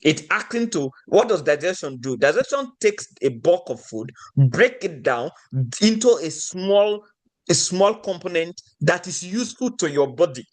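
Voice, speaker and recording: A man's voice: high-pitched, lively intonation, moderate pace. Man giving a teaching talk. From Nigeria. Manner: asks the audience rhetorical questions.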